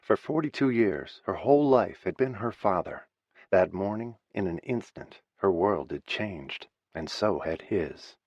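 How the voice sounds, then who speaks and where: A man narrating an audiobook in a measured, somber reading. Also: sits low, lively intonation, darkish tone, no room sound. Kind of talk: scripted narration. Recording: slightly muffled dry studio recording.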